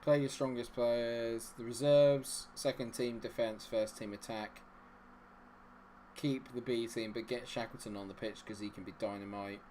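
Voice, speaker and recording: A young adult man hosting a live gameplay stream, chatting with viewers and cheering loudly at the game. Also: medium pitch, steady tone, moderate pace, a little hiss or hum. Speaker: gaming livestream host. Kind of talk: live gameplay commentary and chat reading.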